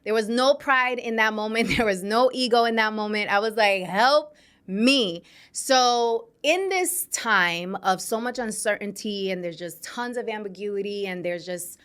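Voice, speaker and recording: A woman's voice: medium pitch, normal speed, hardly any pauses, smooth. Chatty woman hosting her own show. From New York City. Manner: chatty and animated, laughs often, addresses listeners directly. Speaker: podcast host. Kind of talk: casual storytelling monologue. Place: studio.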